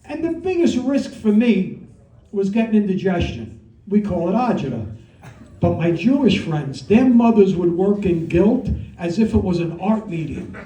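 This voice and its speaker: A middle-aged man with a thick New York Italian-American accent tells brash, profane jokes in a stand-up set. His voice sits high for a man yet sounds dark and mellow. The room echoes, and he is heard from a little way off the mic. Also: animated, moderate pace, recorded from a distance. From Brooklyn, New York. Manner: brash, profane storytelling with punchlines. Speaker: stand-up comedian. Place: comedy club with audience. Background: audience laughter.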